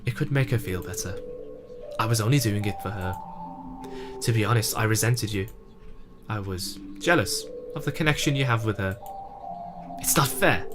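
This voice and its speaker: A man's voice: mid-range voice, close to an everyday voice. A man voicing a proud, remorseful teenage girl club president, emotional and tearful, in a fan reading of a game. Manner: emotional, breaking into tears.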